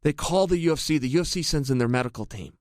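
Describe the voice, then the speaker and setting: A middle-aged man and MMA analyst, telling an energetic anecdote and talking straight to his listeners. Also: fairly high pitch, quick pace, no echo, studio quality. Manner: energetic, addresses listeners directly. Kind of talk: animated anecdotal storytelling.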